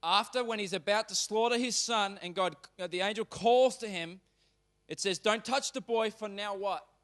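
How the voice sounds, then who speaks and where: A man preaching as a pastor in church. He reads scripture aloud, then explains it in a casual, animated way, turning suddenly loud or quiet. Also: sits high, moderate pace. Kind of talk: sermon reading and explaining scripture.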